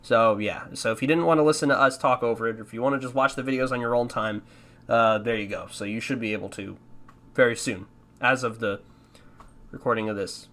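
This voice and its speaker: A man's voice: medium pitch, a little fast, fairly bright tone. A man hosting a casual commentary, talking in a profane, self-mocking, rambling way. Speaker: podcast host. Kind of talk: casual commentary on his old videos.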